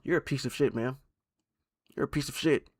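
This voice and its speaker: A young man streaming and reacting to online posts. He swings from loud outbursts to low mutters and restarts his sentences often. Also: normal speed. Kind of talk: live-stream reaction commentary.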